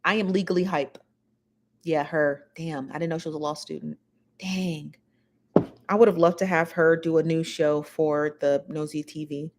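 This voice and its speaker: A woman's voice: low-pitched, fairly even intonation, moderate pace, darkish tone, a little hiss or hum. A woman hosting a casual livestream, rambling and chatty as she talks straight to her viewers. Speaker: show host.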